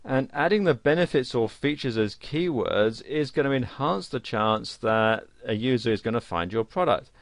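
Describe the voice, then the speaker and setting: A man's voice: medium pitch, animated, moderate pace, few pauses, no room sound. A man narrating an online course tutorial in a plain, explanatory way. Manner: plain explanatory delivery with fillers. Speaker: course instructor. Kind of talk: screen-recorded tutorial narration.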